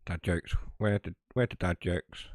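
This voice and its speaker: A man's voice: low-pitched, measured pace, no room sound. A man with a West Country English accent, chatting casually and rambling as he streams a train game, mocking himself now and then. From South West England. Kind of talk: casual live game commentary.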